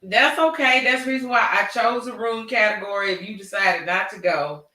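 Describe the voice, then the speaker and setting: A man's voice: high voice, normal speed, bright, forceful tone, recorded from a distance. A man hosting a casual chat, telling stories animatedly with a drawling, slangy delivery. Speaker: podcast host. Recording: echoey room.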